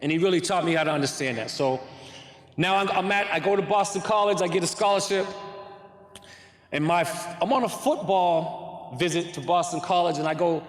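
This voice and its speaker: A man tells a personal story to a crowd, acting out every quoted line with real energy. His voice sits high for a man. The sound rings around a big hall with a long echo. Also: fairly quick. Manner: animated storyteller, acts out quoted lines. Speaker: guest speaker, former pro basketball player. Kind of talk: storytelling talk to an audience. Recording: echoey hall recording.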